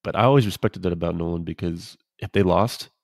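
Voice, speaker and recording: Low-voiced former pitcher telling stories. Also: male voice, quick pace, creaky, no room sound, studio quality. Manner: laid-back, rambling anecdotes with quoted dialogue. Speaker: podcast co-host, former pro pitcher. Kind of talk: casual storytelling chat.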